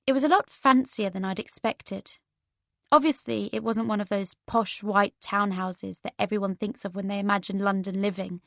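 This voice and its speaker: A woman narrating a romance audiobook in the first person, in a measured storytelling manner. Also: mid-range voice, fairly even intonation, vocal fry, fairly bright tone, dry recording.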